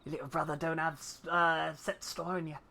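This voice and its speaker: A woman's voice: deep voice, level tone, fairly quick, creaky, sharp tone, exaggerated voice. Woman doing a salty ex-pirate debt collector. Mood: wry. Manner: salty seafaring slang, swaggering. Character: gruff middle-aged male ex-pirate debt collector.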